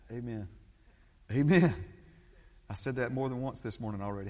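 A middle-aged pastor delivering an emphatic sermon, his voice swinging from hushed to loud. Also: moderate pace, pauses often. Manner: emphatic preaching with big swings in pitch and loudness. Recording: long church reverb.

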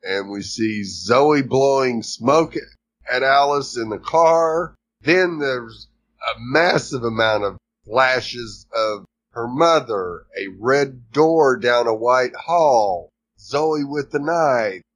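A man co-hosting a podcast, retelling the plot of a series in a measured, matter-of-fact way. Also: medium pitch, lively intonation, slight background noise. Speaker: podcast co-host recapping a series. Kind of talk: casual chat.

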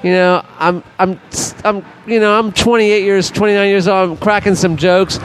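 A man in his sixties telling a long, profane anecdote as a podcast guest, rambling and animated. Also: sits high, moderate pace, a little hiss or hum. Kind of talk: casual storytelling.

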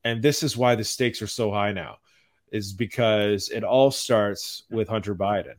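A man hosting a podcast, delivering a calm, mild-mannered rant in casual chat. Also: lowish voice, unhurried. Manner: even-toned, mild-mannered ranting. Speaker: podcast host.

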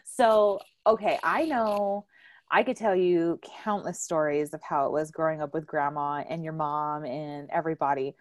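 A woman's voice: low-pitched, normal speed, no echo, studio quality. A young adult woman hosting a casual family chat, telling stories with lots of laughter. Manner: animated storyteller, laughs often, acts out quotes loudly. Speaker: podcast host.

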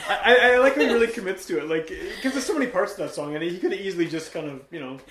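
A male podcast host chatting casually, talking fast and laughing through his sentences. He rambles with lots of restarts. The room around him rings noticeably. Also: sits high, animated, roomy sound, a crowd in the background. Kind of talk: casual chat.

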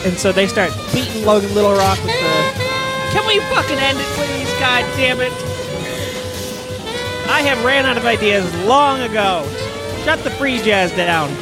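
Profane rambling man over loud jazz. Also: high-pitched. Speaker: podcast co-host. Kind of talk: crude comedic banter. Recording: loud free jazz music behind.

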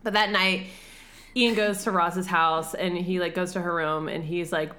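A woman's voice: lowish voice, fairly even intonation, normal speed, bright, forceful tone. A woman in casual chat, animatedly retelling a film plot, acting out quotes, laughing and swearing.

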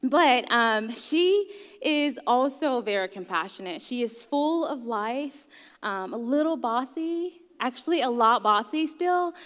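A woman in her thirties from Gabon giving a candid, joking talk about her life, with many ums. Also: a little high. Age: 30s. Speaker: guest speaker. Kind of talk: personal story talk. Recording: long hall reverb.

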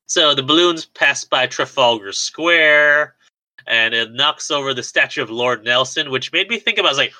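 A man with a very bright, forward voice recaps a movie in casual podcast chat. He wanders through the plot, leaning on "like" and small restarts. The sound is dry and close. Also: mid-range voice, expressive, moderate pace, no room sound, poor audio. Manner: rambling recap with fillers like "like". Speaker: podcast co-host.

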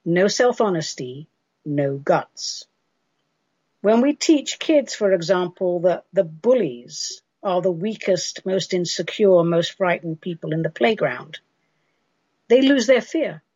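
On a dull, lo-fi radio recording, a woman from England fields listener questions casually and emphatically, dispensing spiritual advice. Her lowish voice has a darkish, husky tone, and the sound is dry.

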